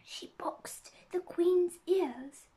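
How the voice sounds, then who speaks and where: Lady doing a scared little rabbit guy, all hushed and jumpy. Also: very high voice, steady tone, measured pace, voice pushed up. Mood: nervous whispering. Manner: hushed, frightened whispering. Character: timid anxious male white rabbit.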